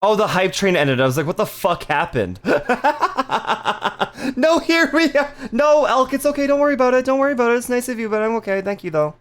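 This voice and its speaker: During a live stream, a giggly streamer with a mid-pitched, swooping voice jokes crudely with viewers at a normal speed, all lively and playful.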